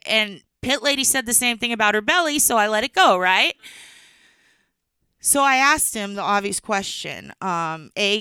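Woman comic, bright crisp voice, rambling chatty storytelling, dry close sound. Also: medium pitch, animated, unhurried, no room sound. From Texas. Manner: chatty, rambling, laughs between lines. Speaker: stand-up comedian. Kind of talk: storytelling stand-up.

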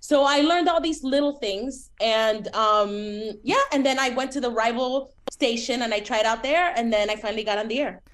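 A woman in her forties with a Miami accent talks as an interview guest. Her voice sits a bit high. She is animated and chatty and uses lots of fillers. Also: moderate pace, few pauses. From Miami, United States. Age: 40s. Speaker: TV writer, guest.

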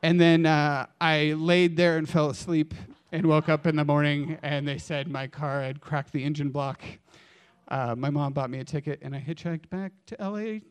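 A man telling a personal story on stage in an animated, dramatic way, swinging between hushed and loud. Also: on the high side, normal speed, clean tone.

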